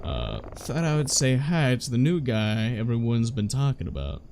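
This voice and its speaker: An actor playing a calm, quietly ominous male radio tower worker in a horror game, speaking in a smooth, soothing way. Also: mid-range voice, moderate pace, noisy background.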